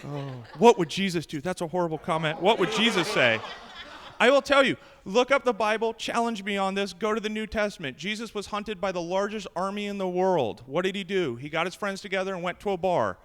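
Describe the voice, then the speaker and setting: A man's voice: sits high, fairly quick, a bit bright, smooth, long reverb tail. A man in his thirties doing a stand-up comedy set on a club stage, delivering punchy jokes into a handheld mic. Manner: brash, punchy joke delivery.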